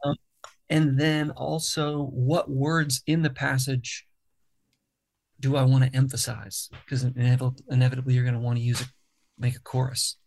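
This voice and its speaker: His voice is gravelly and creaky, neither high nor low, as he describes his approach to writing songs in a laid-back interview. The songwriter takes it thoughtfully and in stages, with pauses while he gathers his words.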